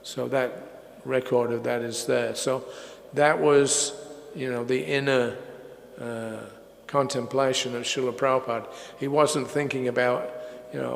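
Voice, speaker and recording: Older man, gravelly voice, flat delivery, unhurried lecture, echoey hall, faint noise. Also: medium pitch. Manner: unhurried storytelling with many fillers. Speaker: speaker at a religious festival. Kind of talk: lecture with audience questions.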